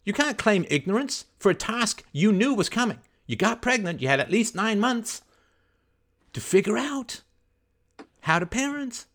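A man hosting a call-in advice show, scripting a confrontation in forceful, indignant tones with rapid rhetorical questions and swearing. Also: high voice, big pitch swings. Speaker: host.

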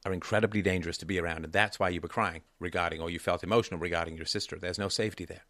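A man's voice: low voice, fairly even intonation, rapid-fire, a bit bright, no echo. A man hosting a call-in advice show, talking emphatically and repeating key phrases for stress.

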